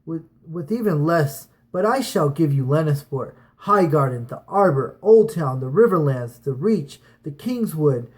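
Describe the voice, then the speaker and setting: A boastful pirate king with a slightly high voice makes grand, sweeping proclamations to his captains, as a man reads him aloud. The lines come as an amateur audiobook reading. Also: expressive, measured pace, few pauses, a little mellow, poor audio.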